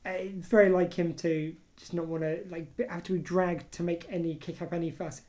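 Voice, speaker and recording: A woman's voice: fairly low pitch, steady tone, brisk, warm tone. A British woman co-hosting a podcast, chatty and self-deprecating with frequent giggles. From Britain. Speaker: podcast co-host. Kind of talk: casual podcast chat.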